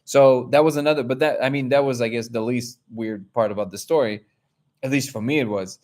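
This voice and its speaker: A man hosting a live discussion, telling a personal story in an animated way and acting out quotes. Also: mid-range voice, brisk. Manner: animated, acts out quotes, many restarts. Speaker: host.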